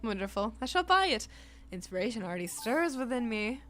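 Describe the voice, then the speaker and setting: A woman's voice: fairly high pitch, very animated, brisk, a bit bright, soft background music. A woman voicing a genteel, food-loving shop customer in a game, with flowery, gracious phrasing. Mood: delighted.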